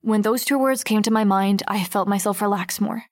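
A woman's voice: medium pitch, moderate pace, dry recording, studio quality, close to an everyday voice. A woman voicing a wary teenage girl narrating her story. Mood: tense. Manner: steady, tense storytelling. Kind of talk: first-person audiobook narration.

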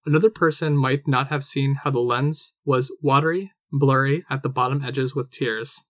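Guy reading a story aloud, steady and measured, dry close sound. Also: mid-range voice, dry recording. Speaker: audiobook narrator. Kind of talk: fan audiobook narration.

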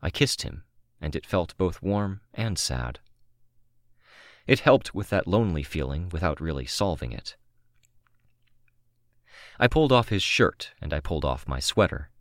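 A man reads a first-person novel with a very deep, low voice. He takes his time, pausing between phrases in a calm, measured way. The sound is close and dry, with no room around it. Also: dry recording. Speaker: audiobook narrator. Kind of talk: scripted narration of a novel.

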